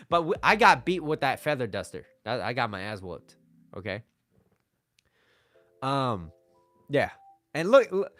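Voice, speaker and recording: A man coaching on dating over slides, casual and joking as he talks. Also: medium pitch. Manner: joking and animated.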